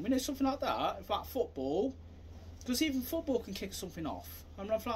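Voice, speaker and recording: A man giving a rambling, repetitive self-defence demonstration, acting out scenes and bursting into shouted sound effects. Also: high voice, sing-song, fairly quick, slight background noise. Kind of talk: casual demonstration talk.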